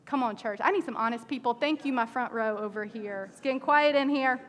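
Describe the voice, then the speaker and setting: A woman pastor preaching an animated sermon to her congregation, acting out people's prayers in an exasperated voice. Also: a little high, fairly quick, hardly any pauses. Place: church sanctuary with a congregation. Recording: reverberant church hall.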